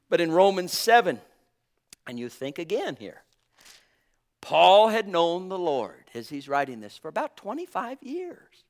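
A man with a voice on the high side preaches a sermon, drawing out emphatic phrases. He swings between loud bursts and soft asides, chuckling now and then.

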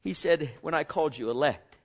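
A man preaching a sermon with passion, swinging from hushed, drawn-out words to loud cries. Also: fairly high pitch, expressive, muffled recording.

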